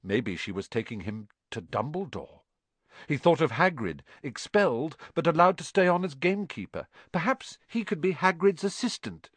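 A man narrating an audiobook in an expressive reading style. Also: moderate pace, husky, no echo. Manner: expressive, swinging pitch. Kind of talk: scripted narration.

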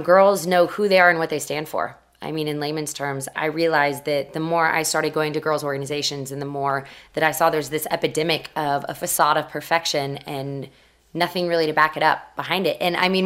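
Low-voiced young woman telling stories. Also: a little fast. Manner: animated, acts out quoted voices. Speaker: interview guest. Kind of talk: casual storytelling.

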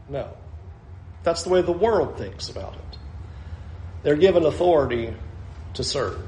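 A man's voice: fairly high pitch, expressive, a little slow, long pauses, warm tone, reverberant, slight background noise. A male pastor preaching a sermon, asking rhetorical questions and acting out the voices of people in the story.

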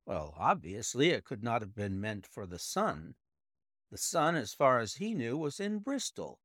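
A man voicing a brilliant, precise male detective explaining his deductions in a measured way. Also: mid-range voice, a bit bright, dry recording, studio quality, full character voice.

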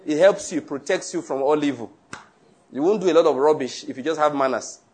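A man's voice: on the high side, a little fast, a little mellow, husky. A man preaching a sermon, reading scripture aloud and explaining it in an earnest, conversational way with asides. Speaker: pastor.

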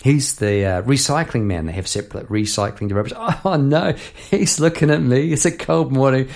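A man's voice: mid-range voice, normal speed, gravelly, darkish tone. A middle-aged Australian man, a songwriter and piano teacher, chatting casually and laughing at himself as he tells a story.

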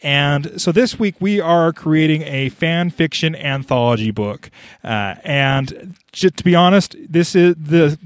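A man's voice: on the high side, dry recording. Man, podcast host, casual chat, keeps restarting sentences, dry sound. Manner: chatty, restarts sentences often.

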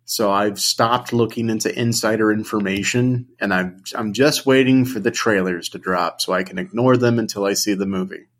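A man's voice: lowish voice, normal speed, few pauses. A man co-hosting a podcast, bantering casually with wry, profane humor. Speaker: podcast co-host.

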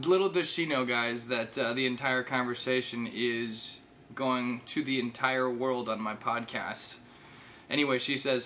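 Bright-voiced wry male comedian. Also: mid-range voice, steady tone, moderate pace, a little hiss or hum. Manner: wry, chatty, addresses the audience as guys. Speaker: comedian and podcast host. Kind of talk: comic retelling of a chat to listeners.

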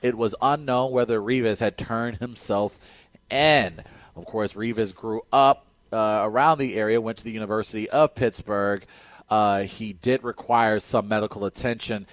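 A man co-hosting a sports radio show, giving animated, emphatic opinions in casual talk. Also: lowish voice, moderate pace, dry recording.

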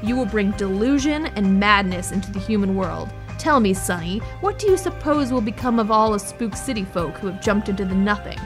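A woman's voice: medium pitch, expressive, a little fast, hardly any pauses, music in the background, natural voice. Gamork, a cruel werewolf, as a woman reads him. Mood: menacing. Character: cruel, menacing male werewolf.

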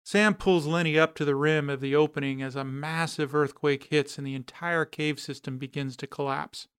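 A man hosting a podcast, narrating a story in a steady, descriptive way. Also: fairly high pitch, moderate pace, clear, resonant tone.

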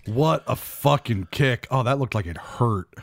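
Enthusiastic male co-host, swears often, pitch jumps around. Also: animated, a little slow, gravelly. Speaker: podcast co-host. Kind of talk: casual movie chat.

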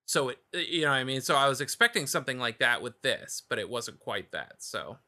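Man co-host, easygoing chat on a call, bright sharp tone. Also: medium pitch, a little fast. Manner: loose, easygoing, trailing off. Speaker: podcast co-host. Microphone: computer call microphone.

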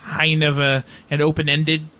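A man's voice: on the high side, completely flat delivery, moderate pace, bright, forceful tone. A man co-hosting a movie talk show, dry and skeptical, dismissing hype in casual chat. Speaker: co-host.

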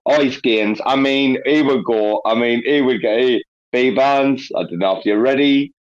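A man hosting a casual online audio chat, excitable and swearing a lot, hyping people up. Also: medium pitch, a little slow. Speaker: host. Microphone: online audio call. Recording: slightly dull online audio.

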